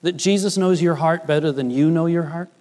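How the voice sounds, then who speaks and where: A man's voice: brisk, darkish tone. A man preaching a sermon in an earnest, explanatory way, often quoting scripture with rising emphasis. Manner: earnest, rises in pitch when quoting Jesus and Peter. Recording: long hall reverb.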